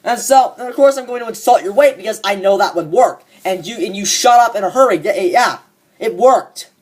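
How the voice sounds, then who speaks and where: Brisk and lightly acted, with a medium pitch and darkish tone, a fan performer voices a cocky young man's smug, swear-filled rant about a coworker. The piece is a comedic monologue.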